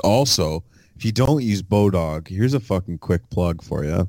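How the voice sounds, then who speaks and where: A man's voice: low voice, measured pace, dark tone. A man co-hosting a podcast, chatting casually and swearing often, giving loose sports betting picks. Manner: profane, laid-back banter with sports betting picks. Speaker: podcast co-host. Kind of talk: casual chat.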